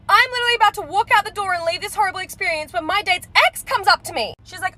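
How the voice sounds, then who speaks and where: Very high, bright woman telling gossip. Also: lively intonation, brisk, few pauses. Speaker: storyteller. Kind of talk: comedic storytime monologue.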